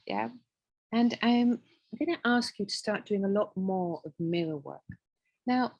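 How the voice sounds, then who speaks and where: A woman with a soft, husky voice and as her leads a small wellbeing class. She speaks in a gentle, encouraging way and checks in with her listeners every few phrases. The sound is dry and close, with no room echo. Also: mid-range voice. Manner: gentle, checks in often with "yeah?" and "right?". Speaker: wellbeing course teacher. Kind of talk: guided group class talk.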